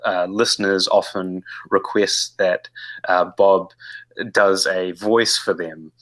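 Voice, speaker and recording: A man's voice: low-pitched, level tone, slow pace, a bit bright. A man on a casual livestream, speaking hesitantly with many fillers and restarts.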